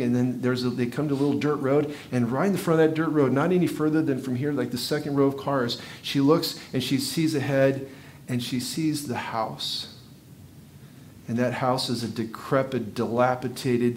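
A male pastor giving a sermon, telling a story vividly and swinging from hushed, slow passages to loud, intense ones. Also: medium pitch, slight background noise.

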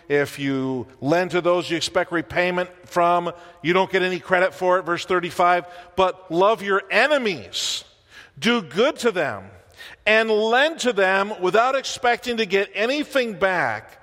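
A man's voice: high voice, a bit bright, big-room sound. A man preaching a sermon as pastor in a church, conversational, with wry asides and rhetorical questions.

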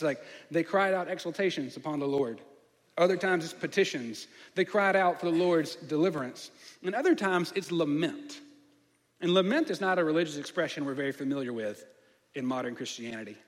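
A man delivers a sermon as a pastor, his voice sitting high for a man. He keeps turning to the listeners with questions and slips into the voices of the people he describes. A long reverb trails each phrase, as in a large hall. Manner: preaching with rhetorical questions and acted-out voices.

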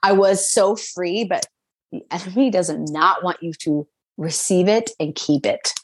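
A young woman telling her personal faith testimony in an interview, animated and full of fillers, acting out what others said. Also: fairly low pitch, measured pace, slightly rough. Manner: animated storytelling, acts out quotes, many fillers. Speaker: guest.

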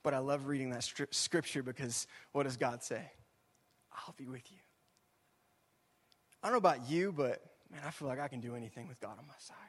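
A young man giving a casual, animated sermon as a youth pastor, chatty and often saying "y'all" and "right?". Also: medium pitch, fast, hardly any pauses, breathy edge. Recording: long hall reverb.

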